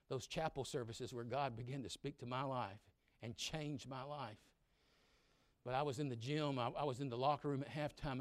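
A man in his sixties preaching a sermon. He swings from loud exhortation to quiet, personal storytelling and acts out grumbling children in quick asides. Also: mid-range voice, no room sound. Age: 60s. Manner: preaching loudly with sudden drops to quiet storytelling.

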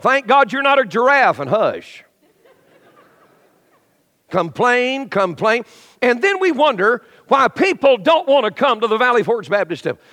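High-pitched preacher in a reverberant hall. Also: male voice, measured pace. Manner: animated preaching, acts out voices of complainers, drops to quiet intimate storytelling. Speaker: pastor. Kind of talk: sermon. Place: church sanctuary.

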